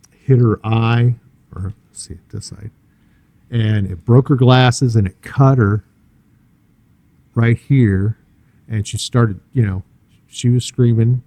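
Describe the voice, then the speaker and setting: Older male church guest: earnest, halting testimony, warm low-key timbre. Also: no room sound. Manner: earnest, halting telling with many fillers and restarts. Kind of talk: personal storytelling interview.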